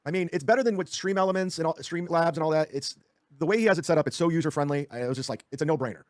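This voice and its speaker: A man in a heated podcast argument, talking fast, stammering and defensive. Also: on the high side, no room sound, studio quality. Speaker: streamer.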